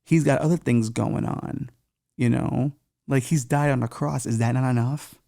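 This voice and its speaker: A man with a gravelly, warm, mellow voice chats loosely on a podcast. He reads news pieces aloud, breaking off for irreverent, profane jokes. He trips over unfamiliar names as he goes. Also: medium pitch, fairly even intonation, normal speed. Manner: irreverent, joking asides with profanity; stumbles over unfamiliar names while reading. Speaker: podcast co-host. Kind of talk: casual podcast commentary reading news aloud.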